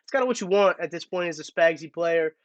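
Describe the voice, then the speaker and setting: A man's voice: a little high, fast, dry recording, dull audio. Chatty man hosting a live stream. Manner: chatty, thinks aloud with restarts. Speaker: podcast host. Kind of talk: casual live-stream talk.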